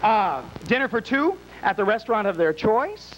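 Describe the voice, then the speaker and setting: High-voiced, wisecracking male emcee. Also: very animated, moderate pace, a bit bright, highs cut off, a little hiss or hum. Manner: teasing, wisecracking. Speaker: game show emcee. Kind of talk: campy live emceeing. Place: small bar with a live audience.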